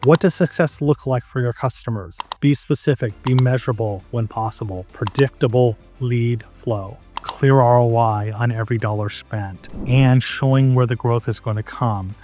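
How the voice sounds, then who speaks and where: A man's voice: medium pitch, normal speed, few pauses, over music. A man hosting a business podcast, giving advice in an emphatic, punchy monologue.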